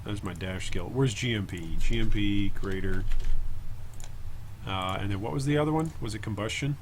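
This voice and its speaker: A man's voice: lowish voice, moderate pace, a little hiss or hum. A man streaming a video game, thinking aloud in a casual, chatty way and answering viewers' comments as he plays.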